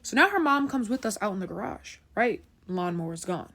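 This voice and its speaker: A woman's voice: mid-range voice, animated, brisk, a bit bright. Chatty young woman telling a story. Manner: chatty, keeps asking "right?". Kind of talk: casual storytime.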